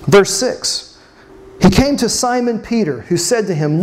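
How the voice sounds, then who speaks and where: A preacher giving an expressive sermon at a mid-range pitch. Key words are drawn out slowly for drama, and rhetorical questions are put to the listeners.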